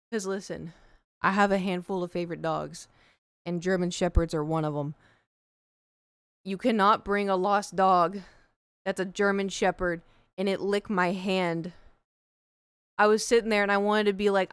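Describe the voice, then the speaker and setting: A young woman tells a story on her stream, chatty and animated, jumping in and out of quoted voices. Her voice is smooth and clear, with a dry, close sound. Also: mid-range voice, moderate pace, long pauses, no room sound. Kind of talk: casual storytelling on a livestream.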